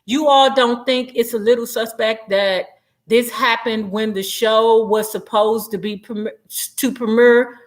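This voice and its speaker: A woman's voice: a little high, fairly even intonation, measured pace. A woman vlogger, chatting animatedly and profanely while gossiping and reading comments on a livestream.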